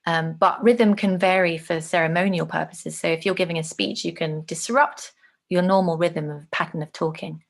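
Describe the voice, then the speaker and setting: A woman teaching an online lesson, explaining clearly and showing examples with her own voice. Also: on the low side, fairly even intonation, normal speed.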